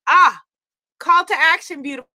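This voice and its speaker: A middle-aged woman from Guyana hosting a weekly live stream, loud and exuberant, greeting viewers by name. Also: high voice, normal speed, no room sound. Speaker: livestream host.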